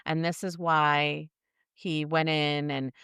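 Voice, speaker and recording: A woman's voice: low voice, slow pace, smooth, no room sound, studio quality. Blunt, swearing true-crime podcast woman. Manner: blunt, swears freely, animated storytelling. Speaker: podcast co-host. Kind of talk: casual true-crime chat.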